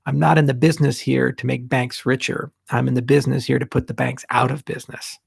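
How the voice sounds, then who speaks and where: Gravelly husky guy doing a live q&a, blunt, kinda rambly, dry room. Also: medium pitch, level tone, a little fast, no room sound. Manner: candid, blunt, rambling asides. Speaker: tech company founder answering questions. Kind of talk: livestream Q&A.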